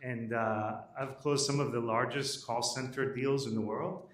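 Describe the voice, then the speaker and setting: A man pitches his startup live at an event, brisk and matter-of-fact. He is picked up from across an echoing room. He leans on "uh" as he moves between points. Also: fairly even intonation, a bit bright. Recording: roomy audio from a distance.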